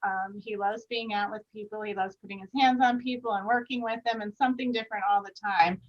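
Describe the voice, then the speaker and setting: A woman guest chatting in a lively way on a video call, laughing often and getting louder when amused. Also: mid-range voice, quick pace. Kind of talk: casual interview chat. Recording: distant, dull remote mic.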